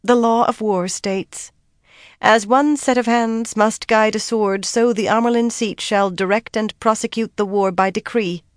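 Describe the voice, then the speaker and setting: A narrator voicing a small, reluctant scholarly woman reciting a law haltingly in an audiobook. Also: mid-range voice, steady tone, no echo, studio quality, voice pushed up, lightly acted.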